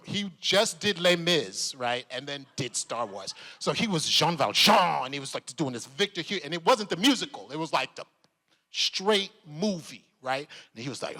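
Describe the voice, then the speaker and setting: A man telling stories at a convention panel, lively and laughing, acting out the voices of the people he quotes. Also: a little high, moderate pace. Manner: animated, laughing, acts out voices. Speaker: convention panel guest, actor. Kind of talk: animated storytelling at a convention panel. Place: convention hall. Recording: long hall reverb.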